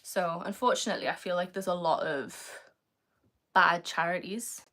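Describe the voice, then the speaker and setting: Chatty British woman, lowish voice. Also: normal speed, fairly bright tone. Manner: chatty, reads comments aloud, many fillers of "like". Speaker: livestreamer answering chat. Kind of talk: casual live-stream chat.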